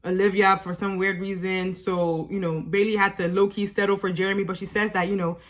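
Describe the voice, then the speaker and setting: A woman's voice: medium pitch, little pitch movement, brisk. A young woman recapping a reality show for her channel, chatty and sassy, laughing often and talking straight to her viewers. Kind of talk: casual show-recap vlog.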